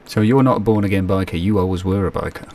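British male host: low pitch, set back from the mic, easy and curious. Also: fast, darkish tone, distant mic. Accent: British English. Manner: curious, asks questions. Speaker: podcast host. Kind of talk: casual interview chat.

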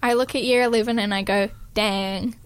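A woman's voice: a little high, steady tone, quick pace, smooth, dry recording. A teenage girl co-hosting a youth radio show, chatty and giggly as she tells stories. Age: teens. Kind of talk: casual chat. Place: radio studio.

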